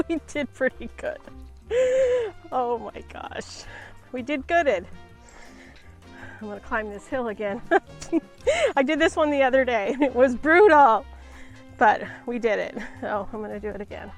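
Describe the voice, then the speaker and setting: A woman's voice: a little high, animated, unhurried, long pauses, faint music behind. A woman vlogging casually while hiking outdoors on a hillside trail, a little out of breath, chatty and chuckling as she talks to her dog, recorded on a handheld pocket camera. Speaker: travel vlogger.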